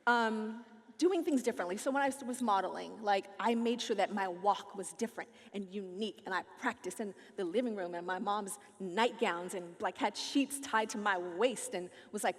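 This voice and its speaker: An American woman on a festival stage, talking in an animated, playful and sassy way. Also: mid-range voice, moderate pace, slightly rough. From United States. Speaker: featured speaker. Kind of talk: onstage conversation. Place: large festival stage hall. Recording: long hall reverb.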